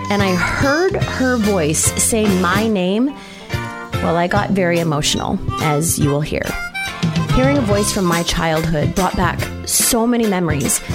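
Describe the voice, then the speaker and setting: Heartfelt woman host over loud music. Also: medium pitch. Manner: heartfelt, nostalgic. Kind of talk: scripted narration.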